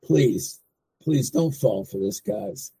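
A man's voice: fairly high pitch, very animated, takes it slowly, vocal fry, warm tone, breathy edge, low-quality recording. A man co-hosting a talk show, speaking bluntly and dismissively while reassuring the host. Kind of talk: talk radio commentary.

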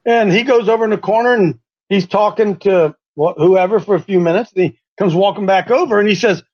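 A man hosting a faith talk show, telling a story in an animated, stumbling, repetitive way. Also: sits high, brisk, lo-fi sound. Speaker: host.

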